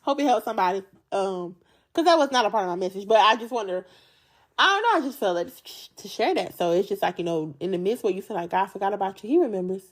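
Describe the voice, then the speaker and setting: A woman's voice: mid-range voice, quick pace. A woman hosting a Bible study podcast, preaching in a casual, chatty way with slangy speech and a joking manner. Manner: animated, jokey and chatty, often laughing.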